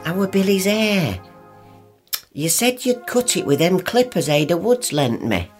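A woman's voice: on the low side, very animated, a little slow, faint music behind. An actress playing a bustling, nagging working-class mother with a northern English accent in a radio play. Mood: fussing. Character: fussing, practical northern working-class mum.

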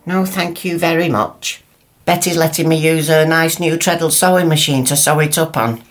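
An actress playing a thrifty, sharp-tongued working-class mother, indignant with her husband and fond with her son. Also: sits low, steady tone, normal speed, natural voice. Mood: scolding. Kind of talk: sitcom acting.

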